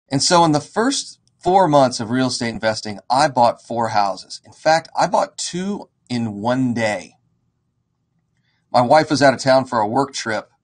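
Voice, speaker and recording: Man, real estate investor, animated storyteller, acts out the voices, mid-pitched. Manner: animated, acts out quoted dialogue. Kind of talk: casual storytelling to an audience.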